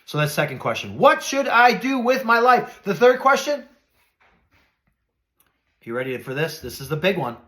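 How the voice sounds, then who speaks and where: Man, middle-aged, high voice, podcast host, motivational, earnest, preacherly, soft lows and emphatic highs. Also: very animated, normal speed, long pauses.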